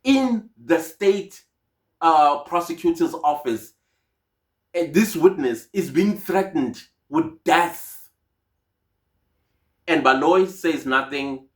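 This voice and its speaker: A man's voice: on the high side, animated, slow, long pauses. Indignant South African man, roomy echo. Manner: indignant, outspoken, mixes in Zulu phrases. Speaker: commentator on a court case. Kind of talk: casual spoken commentary. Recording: echoey room.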